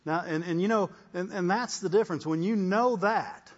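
Pastor, male, fairly high voice, lo-fi church recording, repeats himself and asks "Amen?". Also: moderate pace. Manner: repeats words, calls out "Amen?". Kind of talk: sermon testimony.

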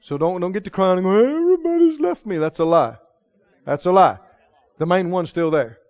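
High-voiced man preaching, dull lo-fi recording. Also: moderate pace, no room sound. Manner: chuckles often, swings from hushed storytelling to loud proclaiming. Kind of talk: sermon.

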